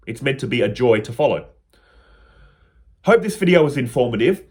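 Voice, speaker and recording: A man's voice: mid-range voice, very animated, normal speed. Earnest man explaining spiritual ideas. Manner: earnest, personal, plain-spoken. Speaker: spiritual teacher. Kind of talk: explaining spiritual teachings to camera.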